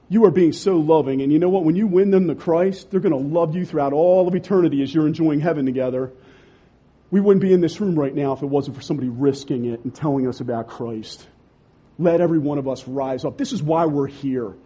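A young man preaching a sermon, impassioned, swinging from loud urging to quiet emphasis. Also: fairly high pitch, brisk, husky, muffled recording.

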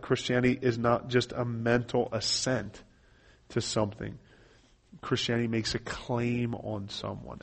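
A man's voice: medium pitch, vocal fry. A man teaching how to share a gospel tract, earnestly reading scripture passages aloud and explaining each step. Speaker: evangelism trainer. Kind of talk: instructional talk walking through a gospel tract.

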